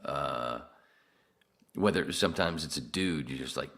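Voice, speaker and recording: A man's voice: a bass voice, moderate pace, fairly bright tone. A man chatting casually on a podcast, laid-back and rambling, with casual swearing.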